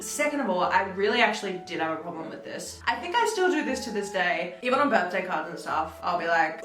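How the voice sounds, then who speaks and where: A woman's voice: fairly low pitch, big pitch swings, fast talker, hardly any pauses, fairly bright tone. A woman in her twenties with an Australian accent, chatting casually as a vlogger, self-mocking, laughing often and swearing lightly. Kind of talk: casual vlog chat. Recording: roomy, off-mic, faint music.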